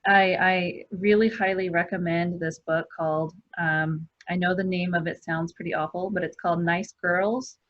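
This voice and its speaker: A woman's voice: lowish voice, fairly even intonation, moderate pace, hardly any pauses, dry recording. A woman, a hospital executive on a panel, giving earnest mentoring advice over a video call. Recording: dull, dry lo-fi call audio.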